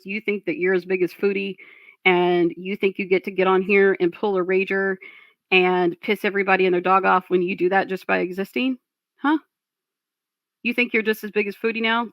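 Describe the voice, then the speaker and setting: A woman's voice: medium pitch, no echo. Sarcastic woman scolding on stream. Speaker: reaction streamer. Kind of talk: reaction commentary stream.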